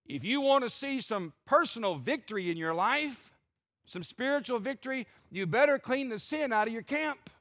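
A male preacher with a high, bright, forceful voice delivers an animated sermon. He breaks into humorous asides, and the sound is dry and close. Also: normal speed, no echo. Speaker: pastor.

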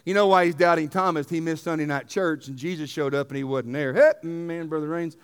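A pastor with a high, smooth, resonant voice. He preaches with emphatic repetition and rhetorical questions. Now and then he sinks to a near-hush for asides. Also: fairly even intonation, quick pace. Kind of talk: sermon.

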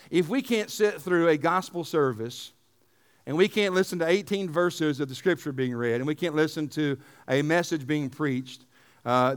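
Male pastor, high clear voice; emphatic sermon delivery with hushed asides. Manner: emphatic preacher with rhetorical questions, dropping to a near-hush for asides.

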